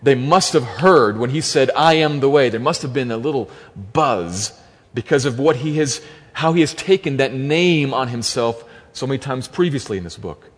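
A man's voice: mid-range voice, animated, normal speed, breathy edge. A man preaching an expository sermon as pastor, emphatic and repeating key phrases for stress. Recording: long reverb of a large hall.

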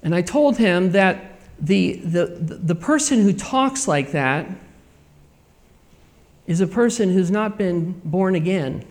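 A male pastor preaching a sermon, earnest and repetitive, swinging between quiet passages and loud emphatic ones. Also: sits high, lively intonation, takes it slowly.

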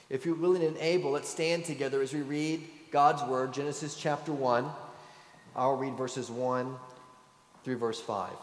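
A middle-aged male pastor preaching a sermon in a church sanctuary, telling stories earnestly and reading scripture with emphasis. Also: mid-range voice. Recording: long church reverb.

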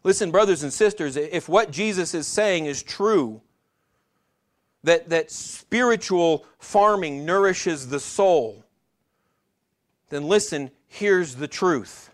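Earnest male preacher, slightly high voice. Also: takes it slowly. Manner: earnest preaching with frequent restarts, addresses congregation directly. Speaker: pastor. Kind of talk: sermon.

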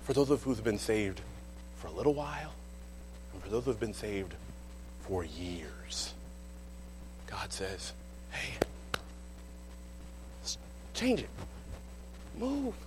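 A man preaching a sermon in church, telling the story with animated, dramatic delivery. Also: lowish voice, unhurried, long pauses, background noise.

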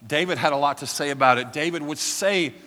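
A man's voice: fairly high pitch, brisk. Impassioned male pastor in a reverberant hall. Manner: impassioned, builds to near-shouting in prayer. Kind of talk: sermon. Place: church. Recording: long reverb of a church hall.

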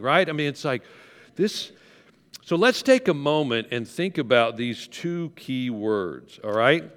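A man's voice: medium pitch, sing-song, a little slow. A pastor preaching a conversational sermon, coaxing his congregation to repeat words after him. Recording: long hall reverb.

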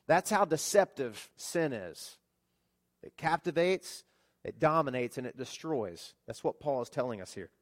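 A pastor preaching a sermon, telling stories with lively rhetorical questions to his congregation. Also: medium pitch, a little slow.

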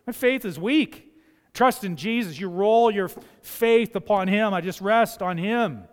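A male pastor preaching a sermon in a church, emphatic, moving from quiet asides to loud passages and acting out the voices he quotes. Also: high-pitched, a little slow, big-room sound. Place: church sanctuary.

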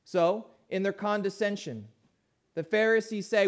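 A man preaching a sermon as pastor, asking his listeners questions and swinging between hushed, low passages and louder, emphatic ones. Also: normal speed.

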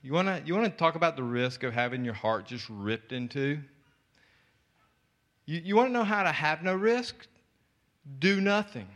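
Impassioned high bright preaching man. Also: expressive, normal speed, long pauses. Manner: impassioned preaching, repetitive emphatic phrasing. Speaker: speaker at church event. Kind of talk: sermon-style exhortation.

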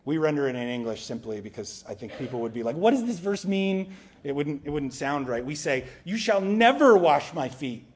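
A man preaching a sermon in a conversational way, sometimes dropping to a quiet, low voice for emphasis. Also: fairly quick. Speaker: pastor.

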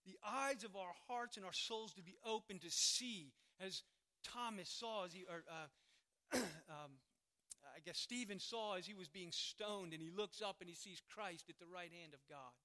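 A man preaching a sermon as pastor, emphatic, rising loud on key words and then dropping to a quiet tone. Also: high-pitched, moderate pace.

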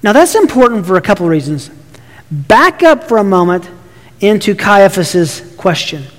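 High-voiced preacher in a reverberant hall. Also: male voice, sing-song, moderate pace. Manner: emphatic preaching with repeated restarts. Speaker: pastor. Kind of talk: sermon.

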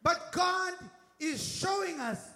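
A man preaching a fervent sermon with a British accent, often shouting and calling for the congregation's response. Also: very high-pitched, animated, slow, creaky. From Britain. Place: church. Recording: echoey church hall.

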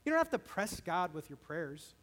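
A male pastor delivers a sermon in a high voice. He preaches conversationally, turning often to his listeners with direct questions. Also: big pitch swings, normal speed, a bit bright.

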